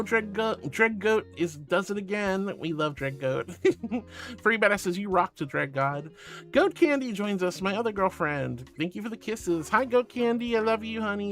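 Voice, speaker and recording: A man's voice: a little high, fairly bright tone. A man streaming casually, playfully and affectionately reading chat aloud.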